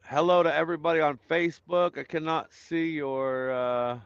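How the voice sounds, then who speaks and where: A man's voice: fairly high pitch, fairly even intonation, moderate pace, clear, resonant tone, no echo, muffled recording. Man greeting live stream viewers. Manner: greets viewers by name, rambling with fillers. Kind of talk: casual chat reading viewer comments.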